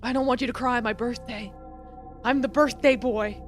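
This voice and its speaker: A woman voicing a kind, dying young male huntsman, speaking low and soft to calm someone. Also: moderate pace, faint music behind, close to an everyday voice. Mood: soothing. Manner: soft, hushed, calming.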